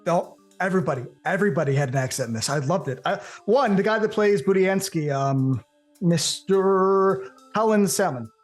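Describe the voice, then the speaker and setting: A man co-hosting a casual movie podcast, opinionated and animated, with profane banter. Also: high-pitched, fast talker, hardly any pauses, soft background music. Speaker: co-host.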